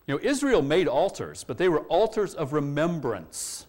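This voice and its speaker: A man preaching from the pulpit, walking through scripture verse by verse. His voice sits fairly high and swings widely in pitch. He rises sharply when he acts out the quoted lines. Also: normal speed. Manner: expository preaching, animated when quoting scripture. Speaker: pastor. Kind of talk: sermon.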